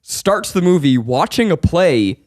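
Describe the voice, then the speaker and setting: A man's voice: fairly high pitch, very animated, unhurried, a little mellow, no echo, studio quality. A young adult man co-hosting a comedy podcast, riffing enthusiastically and cracking crude jokes. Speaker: podcast co-host. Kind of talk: casual comedic chat.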